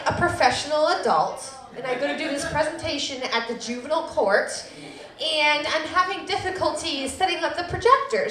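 A woman's voice: sits high, sharp tone, echoey room. A woman in her thirties telling a personal story live at a public storytelling event, self-deprecating with laughing asides.

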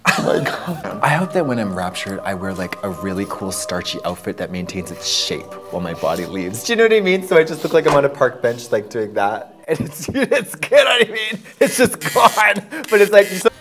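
A man's voice: fairly low pitch, big pitch swings, fairly quick, music in the background. A man co-hosting a comedy show, rambling through absurd stories and breaking into yelping laughs.

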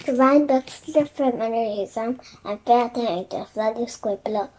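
A woman reading a children's chapter book aloud in soft, quiet narration. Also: a little high, moderate pace, background noise. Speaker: storybook reader.

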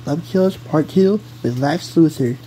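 Slow, giggly rambling young man. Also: fairly high pitch, mellow, a little hiss or hum, low-quality recording. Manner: giggly, rambling, often breaks off mid-sentence. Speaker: storyteller of a fan-made hero tale. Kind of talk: casual rambling storytelling.

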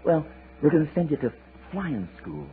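A patient mother eagle calmly reassuring her chick, as a man puts her on in his own lively voice. The audio is tinny and phone-narrow, with a faint hiss under it. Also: a little high, normal speed, pitched above the performer's own voice. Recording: tinny lo-fi sermon tape with hiss.

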